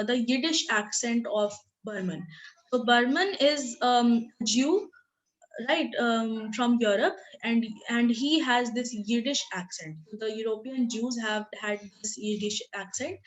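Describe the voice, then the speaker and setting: A woman's voice: on the high side, poor audio. Hesitant woman teacher explaining a story. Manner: hesitant, full of fillers and restarts, checks in with "right?". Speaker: literature teacher. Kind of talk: recorded lesson explaining a short story.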